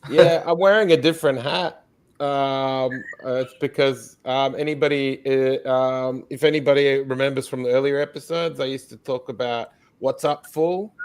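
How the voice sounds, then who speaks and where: Australian man, show regular, self-deprecating, ums and uhs, mid-pitched voice. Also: fairly even intonation, moderate pace, smooth. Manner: self-deprecating, rambling with many fillers. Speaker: regular panelist. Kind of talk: casual online show chat.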